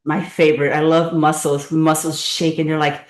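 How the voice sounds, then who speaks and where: A woman with a deep voice and fairly even intonation speaks at a moderate pace, recorded from a distance in an echoey room. As a fitness instructor leading a live online workout class, she cheers her students on in a playful, encouraging way and gets winded.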